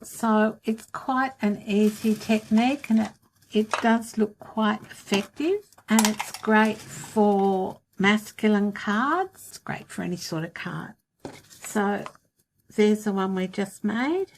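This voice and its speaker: Unhurried woman demonstrating a craft. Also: medium pitch, noisy background. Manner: calm, practical, talks through each step. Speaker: craft tutorial host.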